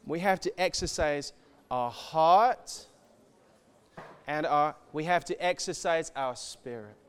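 A man giving an animated sermon, swinging from soft to shouting and acting out quoted voices. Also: fairly high pitch, slow, clean tone. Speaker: church speaker.

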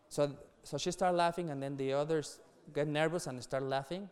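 Middle-aged guy preaching to youth, a bit higher voice, smooth and clear. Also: steady tone, fairly quick, few pauses. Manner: earnest, warm, laughs between points, repeats words. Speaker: youth pastor. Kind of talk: sermon to young people.

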